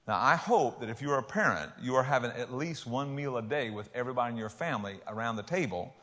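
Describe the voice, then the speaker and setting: An older man preaching a sermon in a folksy, joking way, swinging between loud emphasis and soft asides. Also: medium pitch. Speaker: pastor. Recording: hall reverb.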